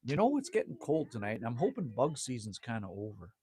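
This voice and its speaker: A man's voice: mid-range voice, huge pitch swings, fast, darkish tone. A man from Manitoba hosts a casual outdoor livestream from his cabin in the evening. He chats with viewers in a laid-back way, teasing himself and tossing in "man" and mild swearing. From Manitoba, Canada. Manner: laid-back and chatty, teases himself, swears lightly, says "man" often. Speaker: livestream host. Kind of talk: casual livestream chat reading viewer comments.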